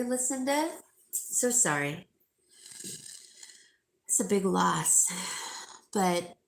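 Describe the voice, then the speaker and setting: Middle-aged woman vlogger, teary and soft-spoken, slow and gravelly delivery. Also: medium pitch. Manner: soft, tearful, talks baby talk to her pet. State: crying. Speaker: jewelry seller and vlogger. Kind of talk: emotional casual talk to viewers.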